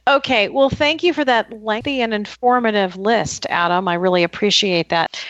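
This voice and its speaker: A woman's voice: medium pitch, moderate pace, a bit bright, no room sound, highs cut off. A woman hosting a podcast, teasing her co-hosts and handing off turns in casual chat. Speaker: podcast host.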